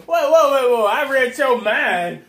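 A man hosting a casual eating chat, talking slowly in a playful, teasing way. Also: extremely high pitch, expressive, a bit bright. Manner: slow, drawn-out, playful teasing. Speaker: mukbang host. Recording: echoey room.

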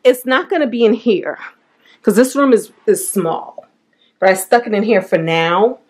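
A woman's voice: mid-range voice, moderate pace. A woman in her thirties filming a casual home vlog, talking straight to her viewers and calling them "y'all" as she walks from room to room. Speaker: vlogger. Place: inside a home, walking between rooms.

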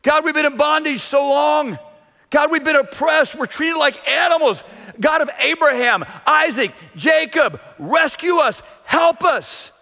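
A man voicing an enslaved Hebrew man who pleads loudly to God for rescue. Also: extremely high pitch, measured pace, voice pushed up, full character voice. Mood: pleading. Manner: pleading, raised voice. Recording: echoey church hall.

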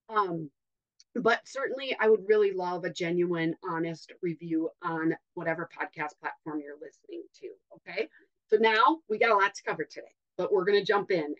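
A woman's voice: lowish voice, lo-fi sound. A woman with a Wisconsin accent hosting a podcast, chatty and upbeat, with many fillers. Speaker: podcast host. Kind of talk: casual podcast intro.

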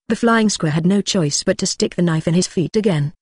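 Synthetic narrator voice, flat even reading, mid pitch, dry close sound, audiobook narration. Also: a little fast, few pauses, slightly rough, no room sound. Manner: flat synthetic reading that speaks punctuation and stray numbers aloud. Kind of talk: scripted novel narration.

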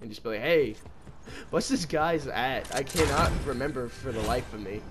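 With music playing in the background, a man in his twenties streams his gameplay in a mid-range voice at normal speed. He rambles on, swears often, and has loud outbursts at the game.

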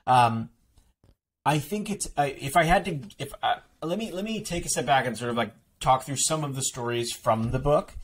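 Man, podcast guest author, casual rambling talk, restarts, medium pitch. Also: a little hiss or hum. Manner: fast, rambling, frequent "like" fillers and restarts.

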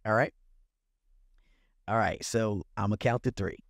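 A man's voice: on the low side, fairly even intonation, unhurried, dry recording, clean studio sound. A man hosting a podcast, upbeat and repeating his praise as he wraps up the show. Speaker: podcast host. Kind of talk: casual interview.

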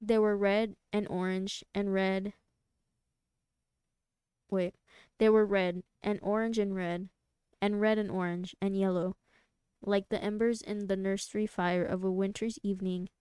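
A woman voicing a sad ghost child who has forgotten its name, speaking slowly and wistfully. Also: medium pitch, level tone, a little mellow, clear, resonant tone, no echo, lightly acted.

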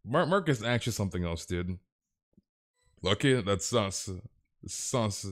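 A man's voice: lowish voice, animated, measured pace. A young man streaming a game live, rambling casually with stammered restarts and slang while talking to his chat. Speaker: gaming livestreamer.

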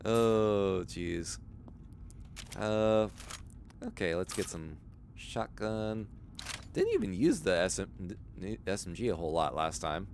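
A man's voice: fairly low pitch, big pitch swings, slow, pauses often, darkish tone, slight background noise. A man streaming a video game, chatting casually and rambling as he answers chat, chuckling often. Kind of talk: casual gaming livestream chat.

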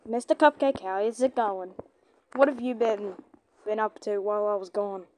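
A woman giving excitable gameplay commentary, chatting to a companion and shouting at teammates. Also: medium pitch, moderate pace. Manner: chatty, talks to a toy companion. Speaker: gamer.

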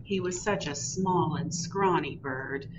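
A woman who is a children's librarian, reading a picture book aloud in an animated, sing-song way for a virtual storytime. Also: deep voice, slow pace. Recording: distant, dull recording with loud background hiss.

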